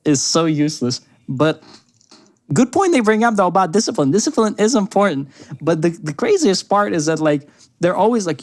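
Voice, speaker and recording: Animated sarcastic young man. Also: sits high, moderate pace. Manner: sarcastic, animated, laughs often. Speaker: podcast co-host. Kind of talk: casual reaction chat.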